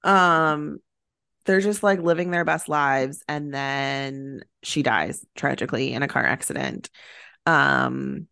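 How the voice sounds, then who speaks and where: A woman's voice: a bass voice, fairly even intonation, slow, gravelly, sharp tone, clean tone, dry recording, clean studio sound. A woman co-hosting a casual podcast, recapping a movie in a chatty way with lots of fillers. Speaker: podcast co-host.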